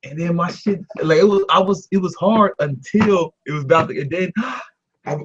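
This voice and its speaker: A young man telling a story in casual talk, animated and laughing, doing voices for the people in it. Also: high voice, moderate pace, husky, highs cut off. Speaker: guest storyteller.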